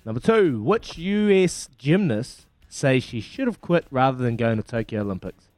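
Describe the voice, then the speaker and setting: A man with a New Zealand accent hosting a breakfast radio quiz, brisk and matey as he reads questions and counts down. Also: medium pitch, animated, a little mellow, no echo, soft background music. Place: radio studio. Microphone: studio microphone.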